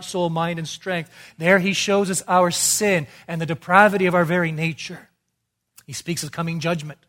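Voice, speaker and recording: A man preaching an expository sermon, emphatic, asking rhetorical questions and swinging between quiet and loud delivery. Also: on the high side.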